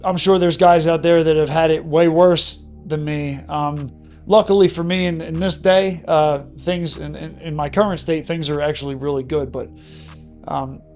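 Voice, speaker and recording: A man's voice: fairly high pitch, darkish tone. A man in his thirties candidly telling an emotional personal story in a vlog monologue. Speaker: vlogger.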